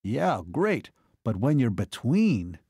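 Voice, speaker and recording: A man's voice: mid-range voice, big pitch swings, slow pace, warm tone, slightly rough, no room sound, studio quality, heavily acted. A man voicing an eager male sidekick who talks in casual slang. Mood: protesting.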